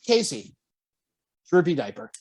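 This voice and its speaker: A man telling a story on a casual podcast, animated and swearing often, jumping high when quoting himself. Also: a little slow, no echo. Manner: animated, swears often, jumps to high pitch for quoted lines. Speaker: podcast co-host.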